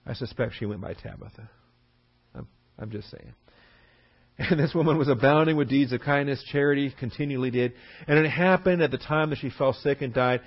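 A man's voice: mid-range voice, fairly quick, husky. A man teaching a Bible class verse by verse, who acts out the people he quotes. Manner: lively, acts out quotes with a raised voice. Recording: dull lo-fi recording.

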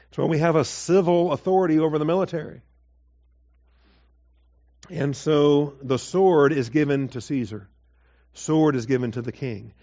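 A man giving a conversational verse-by-verse Bible teaching, with asides and quick acted quotes. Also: fairly high pitch, warm tone, dull audio.

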